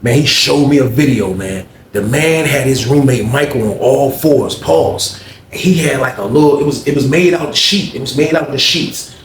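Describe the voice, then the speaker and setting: A man's voice: mid-range voice, normal speed, a little hiss or hum. A man telling a story in a casual, slangy way, often adding "you know what I mean". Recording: echoey room.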